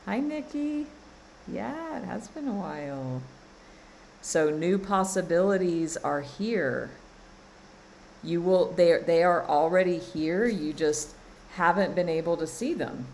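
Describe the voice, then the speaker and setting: A low-pitched woman talks slowly on a live stream, leaning hard on her key phrases and repeating them. She runs a spiritual coaching session, with a faint hiss of room noise under her voice. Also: a little mellow, low-quality recording. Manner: slow, emphatic, repeats phrases, laughs often. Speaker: spiritual coach and card reader.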